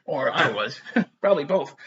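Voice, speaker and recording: A man's voice: fairly high pitch, moderate pace, dull audio. A middle-aged man telling a story in a casual, rambling way, swearing freely. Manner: profane, animated, rambling storyteller. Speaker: vlogger.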